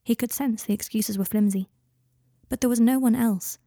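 A woman narrating a fan fiction audiobook in a calm, even reading voice. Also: on the high side, normal speed, no echo, clean studio sound.

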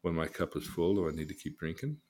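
A man's voice: deep voice, fast talker, slightly rough. Folksy older man telling stories. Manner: folksy, animated storyteller who acts out quotes. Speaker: counselor and teacher. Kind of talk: casual teaching talk.

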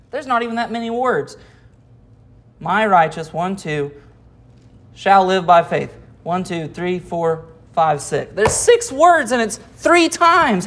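A pastor preaches an expository sermon in a medium-pitched, fairly bright voice. He reads verses aloud, explains them, and poses rhetorical questions to the listeners.

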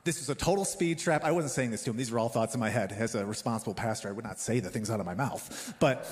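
A man in his thirties preaching a sermon, talking straight to the congregation in a lively, conversational way. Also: medium pitch, fast talker, few pauses. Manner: animated, conversational, addresses the congregation directly. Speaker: pastor. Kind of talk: sermon with personal stories. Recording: reverberant church hall.

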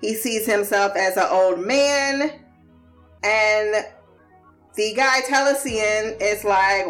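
A woman's voice: medium pitch, slow pace, fairly bright tone, soft background music. A woman giving a casual TV episode recap, profane, laughing and exasperated.

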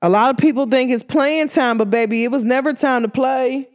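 Speaking fairly quickly, a woman vlogging delivers an easygoing pep talk in slangy, chatty style, breaking into frequent laughs, with upward pitch swoops when she gets excited.

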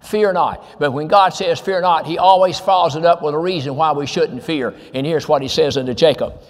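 A man's voice: a little high, fairly even intonation, brisk, long reverb tail. A male pastor, preaching a sermon with emphatic repetition and scripture quotes.

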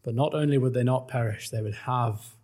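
A man's voice: medium pitch, a little fast, a little mellow. A man preaching an earnest, emphatic gospel sermon and quoting old-style scripture.

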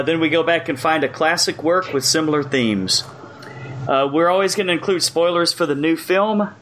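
A man hosting a horror podcast, introducing guests in relaxed casual chat with fillers. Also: mid-range voice. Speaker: podcast host.

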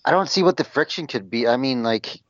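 A man co-hosting a sports podcast, talking in a measured way that hedges with fillers, over dry lo-fi audio. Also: mid-range voice, expressive, no echo. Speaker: podcast co-host. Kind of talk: casual sports chat.

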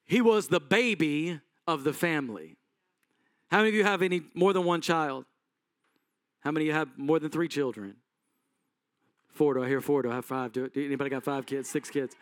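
A man's voice: on the high side, brisk, pauses often, no room sound, clean studio sound. A male pastor preaching a sermon in a conversational storytelling manner, asking the congregation questions.

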